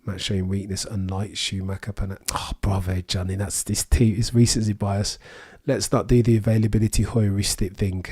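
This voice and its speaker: Chatty Birmingham-accented man, low voice. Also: level tone, moderate pace, few pauses, darkish tone, breathy edge. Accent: Birmingham English. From England. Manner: chatty, reads out viewer comments, dry quips. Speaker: livestream host. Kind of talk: casual live watchalong chat.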